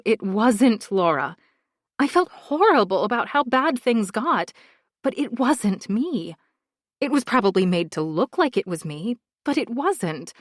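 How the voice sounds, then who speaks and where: A woman narrator voicing a grown woman in an audiobook who pleads her side to an old friend, earnest and defensive. Her pitch rises and falls a lot, and the recording sounds dry and close. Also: dry recording.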